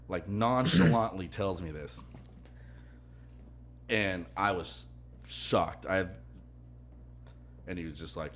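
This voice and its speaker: A young man co-hosting a casual podcast, rambling through a story from his restaurant shift, laughing often and dropping to a hush when he quotes people. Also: low-pitched, moderate pace, long pauses, slight background noise. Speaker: podcast co-host.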